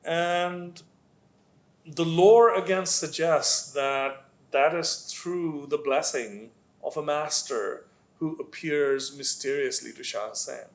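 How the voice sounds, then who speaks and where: Guy author explaining slowly at a book panel, lots of uh and you know. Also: a little high. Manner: measured, explanatory, many fillers. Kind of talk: literary panel discussion.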